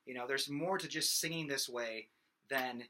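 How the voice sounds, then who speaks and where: Rambling male vocal coach, bright voice. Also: mid-range voice, moderate pace, slight background noise. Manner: rambling, many fillers, breaks into loud sung demos. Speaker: vocal instructor. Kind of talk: casual singing lesson.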